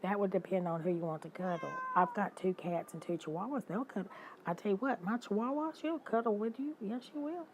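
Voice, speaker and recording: An older woman chatting casually with her livestream viewers, animated, greeting them by name and laughing often. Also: medium pitch, a little fast, a little hiss or hum, poor audio. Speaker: livestream host. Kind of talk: casual chat with live viewers.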